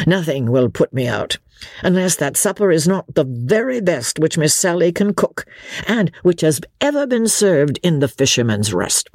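Woman doing young nobleman, jovial, hearty, animated, husky. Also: low voice, a little slow, no echo, clean studio sound, voice pushed up, exaggerated voice. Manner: hearty and exuberant. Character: jovial young English lord, hearty and bold.

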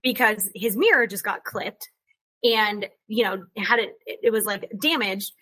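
A woman in her thirties hosting a podcast, telling a story in a chatty, animated way and laughing often. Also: mid-range voice, unhurried, husky. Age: 30s. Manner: chatty and animated, laughs often, quotes people in other voices. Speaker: podcast host. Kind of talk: casual chat, telling a story.

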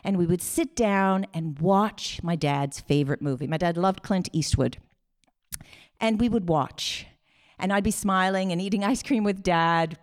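Woman, middle-aged, live storyteller, animated, acts out voices. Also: mid-range voice, moderate pace.

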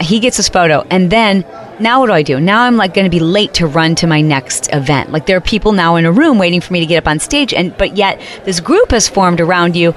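A woman hosting a talk show, telling a story in a casual monologue and acting out other people's lines in quick put-on voices. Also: on the low side. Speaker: podcast host.

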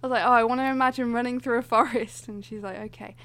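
A woman's voice: fairly high pitch, steady tone, fast, fairly bright tone. A young woman telling a story in casual chat, acting out other people's lines with lots of laughter.

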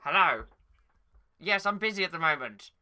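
A man's voice: sits high, lively intonation, moderate pace, bright, forceful tone, clean tone. A man co-hosting a podcast, playing the bossy straight man in an improvised comedy sketch and keeping the bit on track. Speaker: podcast co-host.

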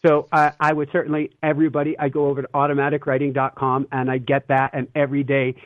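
A man's voice: medium pitch, completely flat delivery, fast, no echo. A man guesting on an interview, telling stories earnestly and with energy, laughing now and then. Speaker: interview guest, spiritual teacher. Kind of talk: animated conversational storytelling. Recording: tinny phone-like line, dry.

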